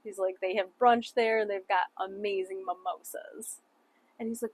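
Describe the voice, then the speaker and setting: A woman's voice: mid-range voice, fairly even intonation, moderate pace. A young woman chatting casually through a travel story, saying "like" a lot, laughing often and swearing offhandedly. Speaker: travel vlogger.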